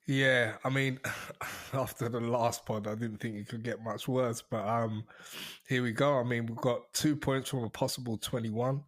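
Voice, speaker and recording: A man hosts a football fan podcast in a relaxed, friendly way and chuckles often. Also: mid-range voice, normal speed. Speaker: podcast host. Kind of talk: casual fan podcast chat.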